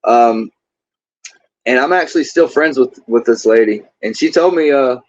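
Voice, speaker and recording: A man's voice: medium pitch, moderate pace, no room sound. Candid rambling man, muffled sound. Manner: candid, rambling, repeats words. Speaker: interview guest. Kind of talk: casual storytelling. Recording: dull lo-fi sound.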